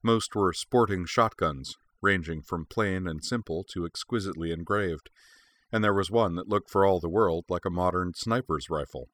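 Deep-voiced man narrating an audiobook. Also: normal speed, a bit bright.

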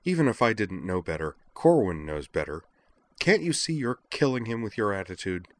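Male reader doing a sharp-tongued, furious young woman, pushed higher. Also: very animated, moderate pace. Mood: scolding. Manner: heated, scolding. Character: angry, forceful young woman confronting a friend.

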